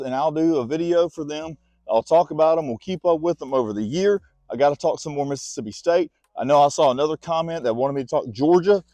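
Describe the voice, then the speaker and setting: A man's voice: on the high side, animated, brisk, warm tone, no echo. Winded man chatting sports on a walk. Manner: chatty, talks to his dog between points. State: winded from walking. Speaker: sports vlogger. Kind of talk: casual sports chat while walking. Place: outdoors on a walk.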